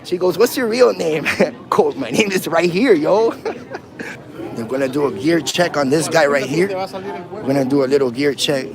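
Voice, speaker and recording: A man's voice: fairly high pitch, lively intonation, measured pace, crowd noise. Taunting slangy man filming outdoors. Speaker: first amendment auditor. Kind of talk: livestreamed street confrontation.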